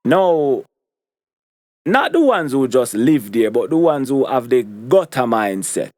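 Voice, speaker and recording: A man's voice: medium pitch, very animated, takes it slowly, a little mellow, dry recording, clean studio sound. A young man with a Jamaican accent giving an opinion monologue to camera, repeating his points for stress. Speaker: commentary vlogger.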